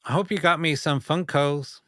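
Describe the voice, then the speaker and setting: A man's voice: fairly high pitch, fairly even intonation, normal speed, a bit bright, dry recording, studio quality. A man from Los Angeles hosting a podcast, telling rambling anecdotes full of fillers and restarts. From United States (Los Angeles). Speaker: podcast host. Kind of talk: casual podcast chat.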